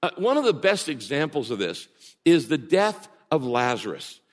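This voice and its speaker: A man preaching a sermon as pastor, animated and swinging from loud, high emphasis to hushed words. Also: normal speed, big-room sound.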